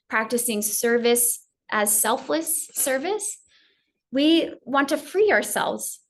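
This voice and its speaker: A woman teacher giving a gentle, story-filled spiritual talk on yoga. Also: on the high side.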